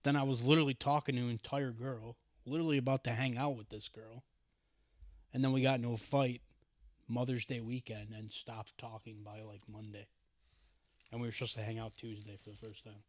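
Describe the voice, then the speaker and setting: A young man co-hosting a casual podcast, telling excitable stories with lots of swearing and mimicking the voices of others. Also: mid-range voice, a little fast, dry recording. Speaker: podcast co-host. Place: podcast studio.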